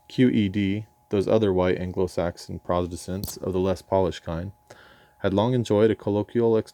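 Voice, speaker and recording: Low, dark-voiced English man reading his memoir. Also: vocal fry, no room sound. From England. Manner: dry, ironic and erudite, with occasional stumbles over words. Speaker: memoir narrator.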